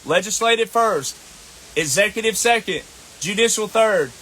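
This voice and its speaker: A man's voice: sits high, animated, normal speed, bright, forceful tone, slight background noise. A man with a Southern US accent delivering a scolding, combative monologue as an online commentator, repeating his points. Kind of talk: ranting monologue to camera.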